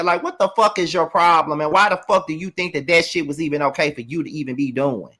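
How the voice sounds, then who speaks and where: A man's voice: fairly high pitch, fast, hardly any pauses, bright, forceful tone. A man hosting a reality TV review, ranting with lots of profanity and talking straight to his viewers. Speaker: show recap host. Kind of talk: heated reality TV review rant.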